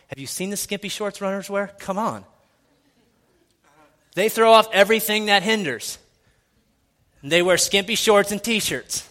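A pastor preaching a sermon in a church, swinging from hushed, intimate lines to loud, excited shouting. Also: male voice, medium pitch, long reverb tail. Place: church sanctuary.

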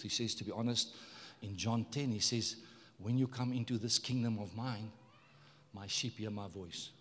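Emphatic male preacher in a reverberant church. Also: lowish voice. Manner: emphatic preaching, repeats words, calls on the congregation. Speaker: pastor. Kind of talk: sermon.

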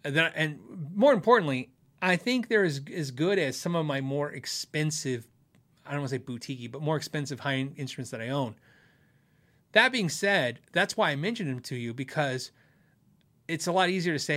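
This middle-aged man hosts a guitar show and answers viewer questions in a casual live-stream chat, rambling along and often laughing at himself. His voice sits on the high side and sounds bright and forceful, with expressive delivery at a fairly quick pace.

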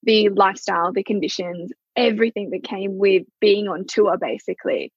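A woman's voice: medium pitch, fairly even intonation, moderate pace, husky, no room sound, muffled recording. A woman guest, a showgirl dancer, speaking candidly and reflectively about life on tour. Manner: candid, reflective, laughs often. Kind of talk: casual interview chat.

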